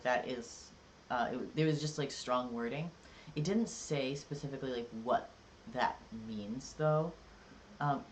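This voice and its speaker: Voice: mid-range voice, slight background noise. A live-streamer in casual chat, rambling and jokey, with lots of filler words. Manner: rambling and chatty, many "like"s and "um"s. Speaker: livestreamer.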